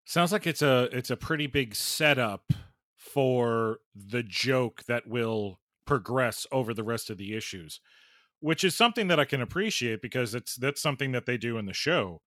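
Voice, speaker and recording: A man co-hosting a podcast in casual chat, reacting in a lively way. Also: medium pitch, moderate pace, no echo, studio quality. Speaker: podcast co-host.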